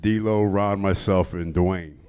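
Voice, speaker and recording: A man's voice: low voice, steady tone, takes it slowly, darkish tone, clear, resonant tone. A man on a convention panel telling a story in an easygoing way, chuckling as he goes. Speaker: panel guest, retired wrestler.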